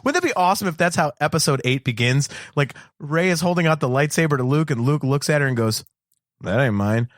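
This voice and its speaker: A man's voice: on the high side, expressive, fast, hardly any pauses, no echo, studio quality. A man co-hosting a casual fan podcast, laughing often and acting out lines in exaggerated voices. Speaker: podcast co-host. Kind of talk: casual chat.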